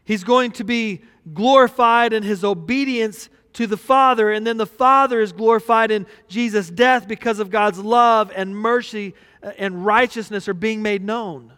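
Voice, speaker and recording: A man's voice: high voice, normal speed, a bit bright, clean tone, in a large hall. A man preaching a conversational sermon as pastor, telling a personal story with laughter.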